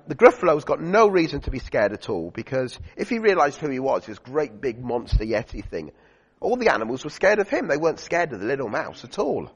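Male preacher, chatty sermon voice, gravelly and husky, dull lo-fi recording. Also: medium pitch. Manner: chatty, uses fillers and asks the congregation questions. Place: church. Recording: dull lo-fi recording in a reverberant church hall.

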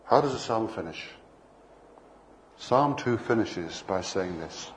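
An older man delivering a sermon in a lowish voice, with a faint hiss of noise under the recording. He moves easily between scripture and playful stories, acting out little exchanges with passersby. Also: animated, slow, pauses often. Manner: anecdotal, playful, acts out dialogue. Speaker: preacher.

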